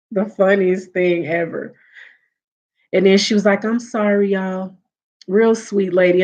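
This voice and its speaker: A woman casually telling a funny family story to her live viewers, laughing often and acting out what her relatives said. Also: fairly low pitch. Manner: animated, laughs often, acts out quoted relatives. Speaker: livestream host. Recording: dull lo-fi audio.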